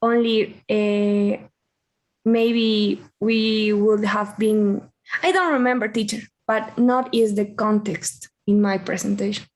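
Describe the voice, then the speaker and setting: Slow, hesitant female student. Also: mid-range voice, fairly even intonation. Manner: hesitant, reading words carefully. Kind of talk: classroom answers.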